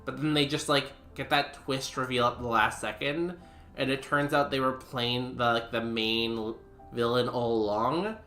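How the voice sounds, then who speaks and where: Young male streamer, rambling casual commentary, bright tone, roomy sound with music under it. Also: mid-range voice, fairly even intonation, moderate pace. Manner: rambling, filler-heavy chat with viewers.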